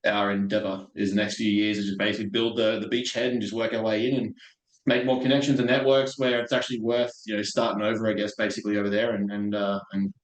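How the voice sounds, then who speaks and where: A young Australian man hosting a podcast in casual chat, upbeat and quick to laugh. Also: lowish voice, little pitch movement. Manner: laughs often, upbeat and chatty. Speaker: podcast host. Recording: roomy echo.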